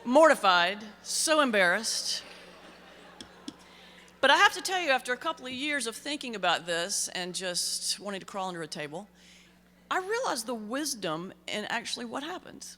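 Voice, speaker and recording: This middle-aged minister's voice sits on the high side, swinging widely in pitch with a sharp tone and a fairly quick delivery. She tells stories conversationally, with comic timing, in a humorous keynote speech at a large banquet hall. The recording carries reverberant hall sound and slight background noise.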